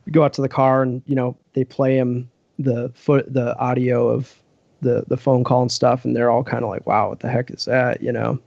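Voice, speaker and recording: Man, gravelly, rambling casual storytelling, dry dull lo-fi audio. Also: mid-range voice, little pitch movement, moderate pace, a little mellow, no echo. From Western Massachusetts, US. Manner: rambling, lots of "like" and "you know". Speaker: podcast guest.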